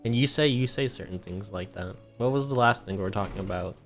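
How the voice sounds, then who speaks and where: A man's voice: on the low side, brisk, soft background music. A man streaming a video game, chatting casually and playfully with a friend on a call, laughing often. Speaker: gaming streamer. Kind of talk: casual chat while playing a game.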